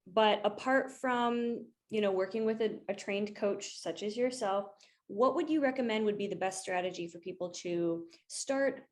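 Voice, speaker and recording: A woman hosting an interview, asking questions in a friendly, halting way with many ums. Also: mid-range voice, darkish tone. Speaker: interview host. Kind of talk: casual interview talk.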